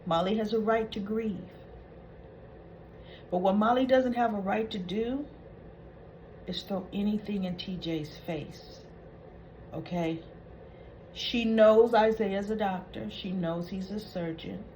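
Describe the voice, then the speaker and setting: A woman's voice: mid-range voice, takes it slowly, long pauses, warm tone, slight background noise, poor audio. A woman hosting a soap opera recap, retelling scenes in a chatty, opinionated way.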